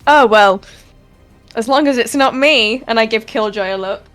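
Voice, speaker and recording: A woman's voice: a little high, normal speed, a bit bright, faint music behind. A woman player in a tabletop role-play, blunt and dry.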